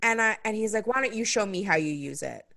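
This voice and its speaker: Talking fast with lively intonation, this young woman hosts a podcast and spins a story in a laid-back conversation. When she acts out what others said, her pitch jumps sharply. Her voice is gravelly, pushed and bright.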